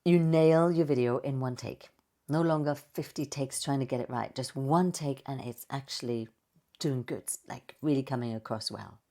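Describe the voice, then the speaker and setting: A woman voice coach giving a playful, expressive presentation with slides and vocal demonstrations. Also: extremely low pitch, moderate pace. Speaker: voice and speaking coach.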